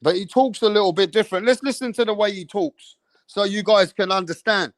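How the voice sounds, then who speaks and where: A man hosting a live boxing stream, talking in a streetwise, slang-heavy way and keeping up a steady chat straight to the viewers. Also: sits high, a little fast, no echo. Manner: streetwise, slang-heavy, keeps saying bro and bruv. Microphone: streaming setup mic.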